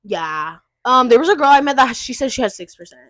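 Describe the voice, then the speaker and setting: A woman's voice: high-pitched, a little fast, dry recording. A young woman, a podcast co-host, telling stories in casual chat and acting out the people she quotes. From Southern California. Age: young adult. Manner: animated storyteller, mimics people she quotes; giggly, laughs through lines.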